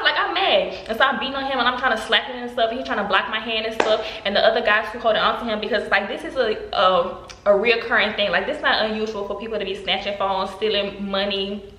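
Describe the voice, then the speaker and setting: Fast, bright-voiced woman telling a story. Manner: animated storytelling, acting out quotes with big pitch jumps. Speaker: vlogger. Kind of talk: storytime vlog. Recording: roomy echo.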